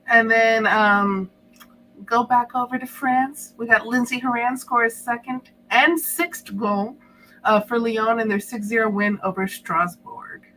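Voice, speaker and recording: A woman hosting a casual sports podcast, running through goal highlights and laughing often. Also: measured pace, pushed and bright, slight background noise, rough recording. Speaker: podcast host.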